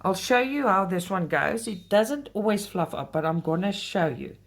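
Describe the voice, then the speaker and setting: A woman's voice: mid-range voice, lively intonation, moderate pace. A woman hosting a casual craft vlog, talking straight to her viewers and getting heated when she complains. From South Africa. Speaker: cross-stitch channel host.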